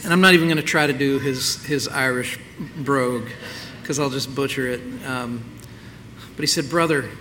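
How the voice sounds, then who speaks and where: A man's voice: mid-range voice, fairly bright tone, big-room sound, slight background noise. A man preaching a sermon as the pastor of his church, talking in a candid, conversational way. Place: church sanctuary.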